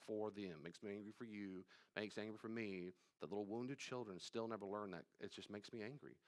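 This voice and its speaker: A man, a pastor, teaching a live Bible study class, talking straight to his listeners with emphatic repetition and sudden drops to quiet asides. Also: on the low side, fairly quick. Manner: conversational, addresses listeners directly.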